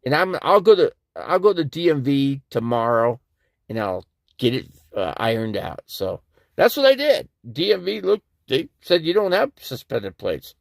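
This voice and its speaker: Rambling gravelly man in an RV. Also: medium pitch, moderate pace, no room sound, studio quality. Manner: rambling, animated retelling with many "you know"s. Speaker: RV livestreamer. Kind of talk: casual livestream storytelling. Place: inside an RV. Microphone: streaming from a phone or camera.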